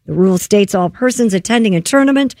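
A woman's voice: medium pitch, expressive, fast, a little mellow, no room sound, clean studio sound. Woman reading odd news on air. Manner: reads stories aloud, breaks off to joke and laugh. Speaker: radio show host reading news stories. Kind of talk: reading offbeat news with banter.

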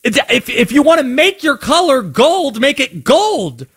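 Animated high-voiced sports radio host. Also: male voice, unhurried. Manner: animated, playful rants. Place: radio studio.

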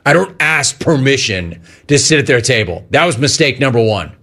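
A man's voice: mid-range voice, sing-song, moderate pace, a bit bright. A man hosting sports talk radio, telling a rambling, jokey story and acting out the voices in it. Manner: rambling, jokey, acts out the voices in his stories.

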